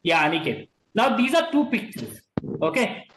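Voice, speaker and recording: A man's voice: high-pitched, huge pitch swings, normal speed, a bit bright, echoey room, slight background noise, low-quality recording. A middle-aged man with an Indian English accent teaching an online class, repeating and stressing key words and slipping into Hindi.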